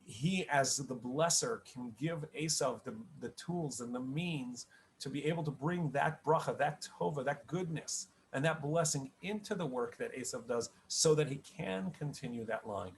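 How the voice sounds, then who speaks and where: A middle-aged man leads a spoken Torah lesson as a rabbi, his pitch sitting at an ordinary middle level. He talks conversationally, trips into restarts and repeated words, and keeps checking in with "right?". A faint hiss of noise sits behind him. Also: moderate pace. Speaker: rabbi teaching the weekly Torah portion.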